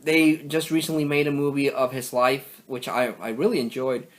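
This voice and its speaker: A man's voice: mid-range voice, flat delivery, moderate pace. A young man casually showing off his collection in a vlog, rambling with many fillers and self-corrections. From Mexico. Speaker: collector vlogger. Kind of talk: casual show-and-tell vlog.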